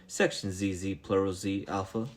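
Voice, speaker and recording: A man reading the part of a young woman pilot who stays calm and patient. Her lines come out low and steady, evenly explaining things. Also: moderate pace, lightly acted.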